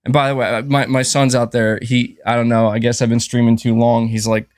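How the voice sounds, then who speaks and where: A man's voice: mid-range voice, little pitch movement, a little fast, a little mellow, no echo, studio quality. A man talking casually on a live stream from home into a desk mic, rambling and emphatic and often restarting his sentences. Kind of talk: casual livestream monologue. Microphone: desk mic with adjustable gain.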